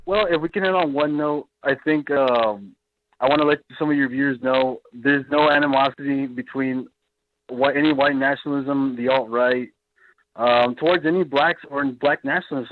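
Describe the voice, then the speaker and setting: A man's voice: medium pitch, normal speed. A man calling in to a talk show, speaking hesitantly with many fillers and restarts. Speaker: caller. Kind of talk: call-in show conversation. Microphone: phone. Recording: tinny phone line with faint noise.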